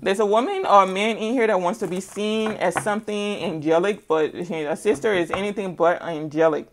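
A woman's voice: medium pitch, normal speed, a little hiss or hum. Sassy teasing woman tarot reader. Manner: sassy, teasing, repeats words for emphasis. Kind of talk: casual tarot reading with asides.

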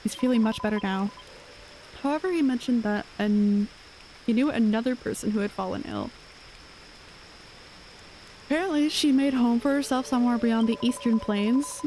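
A woman reading the lines of a kindly female healer in a video game, gentle and pleading. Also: fairly high pitch, moderate pace, pauses often, slight background noise, close to an everyday voice, poor audio.

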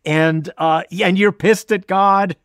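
A man's voice: sits high, steady tone, measured pace, fairly bright tone, clean tone, no room sound, clean studio sound. Male podcast host asking a question. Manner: summarizing the guest's story back to her. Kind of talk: interview question.

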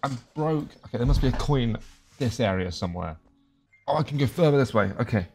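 Young man, let's-play commentary, chatty, jokey, medium pitch, faint music behind. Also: animated, moderate pace, pauses often, darkish tone. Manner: chatty, jokey, reads game dialogue aloud. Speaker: gaming video creator.

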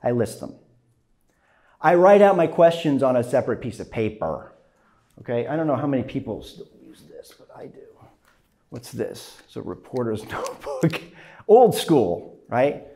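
A man teaching a class, lecturing in an animated way, often tagging his points with "right?". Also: mid-range voice, moderate pace. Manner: animated, frequent "right?" tags, acts out phone calls. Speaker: journalism instructor.

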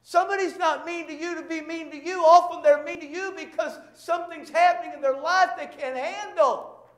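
A man preaching a sermon as pastor, emphatic and repetitive, acting out quick bits of dialogue to make his points. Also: very high-pitched, steady tone, fairly bright tone. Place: church. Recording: echoey church sanctuary.

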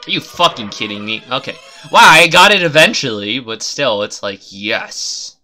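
A man streaming his gameplay live, talking nonstop in a bright, edgy voice that swings up and down. He curses freely and sounds exasperated as he comments on every jump and hit, with faint game music underneath. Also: medium pitch, big pitch swings, moderate pace. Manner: profane, exasperated running commentary.

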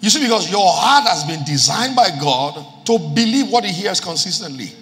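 A Nigerian pastor preaches a sermon to a live congregation in a church hall, quoting scripture and repeating key lines for emphasis. His voice sits high and fairly bright, with lively intonation at a moderate pace. The recording is reverberant, with music in the hall.

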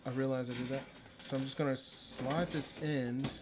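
A man's voice: medium pitch, steady tone, moderate pace, heavy background noise. A man chatting casually on a livestream while assembling a computer, rambling and self-deprecating, sometimes drifting away from the mic. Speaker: livestreaming artist.

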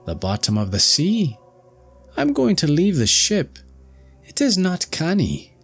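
A man's voice: fairly high pitch, huge pitch swings, measured pace, slightly rough, faint music behind, voice pushed up, exaggerated voice. A man voicing a cheerful, self-assured ship's doctor with a smug, triumphant way of talking.

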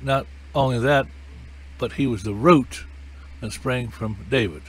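A man's voice: medium pitch, unhurried, husky. A man preaching a sermon, emphatic and repetitive, his voice rising and falling with feeling.

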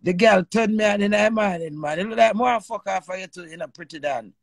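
A woman with a Jamaican accent hosting a live stream with callers. She is animated and emotional, and swears freely in patois. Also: mid-range voice, a little fast, no echo.

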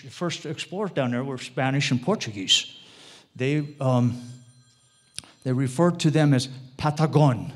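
A man giving an informal, rambling lecture to a live audience, often checking in with tag questions and wandering off into side topics. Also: a little high. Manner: rambling, digressive delivery with restarts.

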